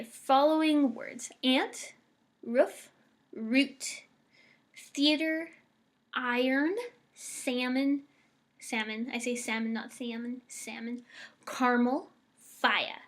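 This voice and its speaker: A woman's voice: a little high, slow, pauses often. A young woman from the United States in a casual, bubbly vlog, reading words for an accent challenge. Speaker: vlogger.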